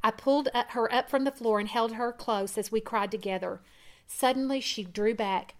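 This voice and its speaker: A woman reading a first-person testimony aloud in an earnest way, growing louder at dramatic moments. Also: on the high side, normal speed. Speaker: reader.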